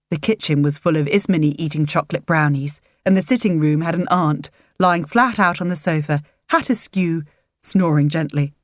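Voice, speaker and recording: A woman reads a story aloud in a low, gentle and measured voice. She speaks close to the mic, and the sound is dry. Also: no room sound. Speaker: narrator. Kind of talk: audiobook narration.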